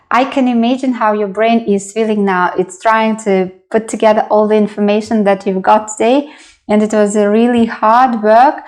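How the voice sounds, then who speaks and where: A young woman, teaching a slow beginner language lesson and patiently repeating each sound for practice. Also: medium pitch, darkish tone.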